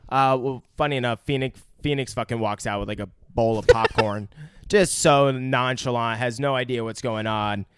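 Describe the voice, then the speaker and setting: A man's voice: medium pitch, steady tone, normal speed, clear, resonant tone. A young man co-hosting a podcast, casually and profanely retelling film scenes in a review chat. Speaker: podcast co-host.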